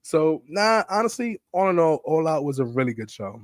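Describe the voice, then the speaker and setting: A man guest in a casual late-night chat, making dark jokes and often adding "you know what I mean". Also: fairly high pitch, very animated, moderate pace, dry recording, clean studio sound. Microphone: streaming podcast mic.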